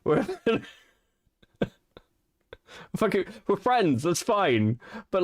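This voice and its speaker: A man's voice: high-pitched, big pitch swings, unhurried. A young man co-hosting a casual commentary podcast, ranting and swearing in exasperation. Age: young adult. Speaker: podcast co-host.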